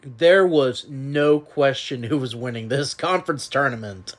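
A man co-hosting a casual sports podcast, chiming in with team nicknames and conference trivia. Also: mid-range voice. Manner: chatty, quick to add team trivia. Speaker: podcast co-host.

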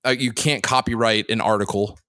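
A man hosting a podcast in casual chat, asking teasing, probing questions with quick restarts. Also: fairly low pitch, fairly even intonation, sharp tone, no room sound. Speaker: podcast host.

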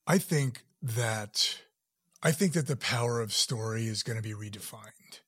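Husky man with a deep soothing voice. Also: measured pace. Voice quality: deep, relaxing voice. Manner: relaxed storyteller with many fillers and restarts. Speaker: actor and producer guest. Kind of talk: casual interview chat.

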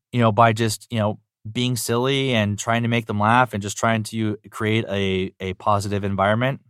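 A male voice actor answering interview questions in an upbeat, animated way, often saying "you know". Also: fairly low pitch, dry recording, studio quality. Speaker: voice actor guest.

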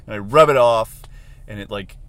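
A man's voice: lowish voice, normal speed, fairly bright tone, clear, resonant tone. A young man rambling casually and jokingly while he drives, with loose, profane storytelling. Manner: loose, joking, profane, acts out his own reactions. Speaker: vlogger. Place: inside a car. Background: faint car and road noise.

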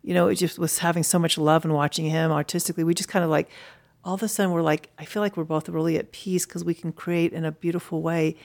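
A woman's voice: on the low side, fairly even intonation, quick pace, creaky, a little mellow. A middle-aged woman artist, a guest in an interview, telling a story in a chatty way full of "you know" fillers. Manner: chatty, lots of "you know" fillers, acts out quoted voices.

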